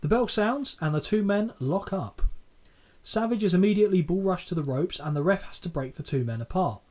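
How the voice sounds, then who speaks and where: A man's voice: high-pitched, expressive, fairly quick, darkish tone. A man co-hosting a podcast, recapping old wrestling in casual chat, swearing freely and laughing often. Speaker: podcast co-host.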